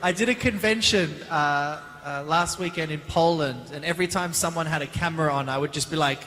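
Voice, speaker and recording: A man, answering fan questions as a guest actor on a convention panel, chatty and animated, recorded on a handheld mic in a large hall. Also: fairly high pitch, a little hiss or hum. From Australia. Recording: reverberant hall.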